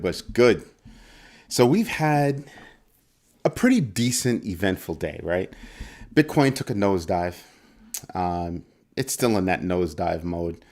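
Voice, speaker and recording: Playful low-voiced man hosting a crypto stream. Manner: playful, teasing, greets chat viewers by name. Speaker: crypto livestream host. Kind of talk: casual livestream chat. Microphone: desk microphone.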